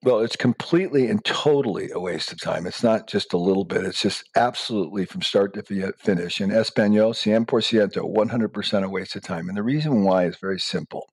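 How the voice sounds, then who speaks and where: A man's voice: fairly low pitch, a little fast, hardly any pauses, slightly rough, no echo. A middle-aged man answering interview questions emphatically, giving blunt step-by-step advice. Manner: emphatic, acts out quoted dialogue in raised voices. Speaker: guest entrepreneur.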